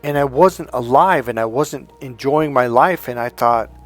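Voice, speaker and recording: A man's voice: mid-range voice, unhurried, faint music behind. A man working as a life coach, telling a personal story in a reflective, conversational way with restarts and fillers.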